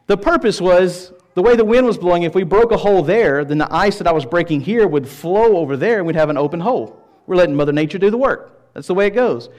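A man's voice: high-pitched, darkish tone. A middle-aged male pastor from Tennessee preaching a sermon, telling stories with self-deprecating humor and emphatic repetition.

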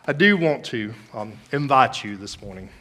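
A male pastor preaching a sermon, telling a story and leading prayer, rising to loud emphasis and dropping to hushed phrases, with repeated starts and frequent ums. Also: mid-range voice, lively intonation, moderate pace.

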